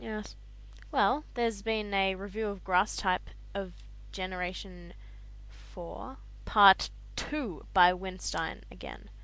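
A woman chatting as a podcast co-host in a relaxed group call. She talks easily, giggles often, and lets her sentences fade off softly at their ends. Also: medium pitch, slow, low-quality recording. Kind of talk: casual podcast chat over a call.

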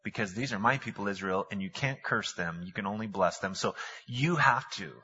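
Preacher playing a firm god laying down the rules, measured, husky, dull lo-fi sound. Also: male voice, on the low side, pushed and bright, pitched below the performer's own voice. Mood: stern. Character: stern male deity laying down terms. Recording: long hall reverb, dull lo-fi sound.

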